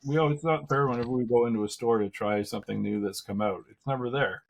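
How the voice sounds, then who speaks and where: A man's voice: medium pitch, fast, creaky, a little hiss or hum. A man from Canada hosting a casual podcast chat, often restarting his sentences before landing the point. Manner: starts sentences over, easygoing. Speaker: podcast host.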